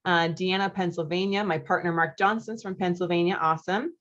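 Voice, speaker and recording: A woman's voice: fairly low pitch, fairly even intonation, fairly quick, fairly bright tone, muffled recording. A woman in her thirties from the United States, a marriage coach hosting a live online masterclass in a chatty, upbeat way, reading out chat comments with friendly asides.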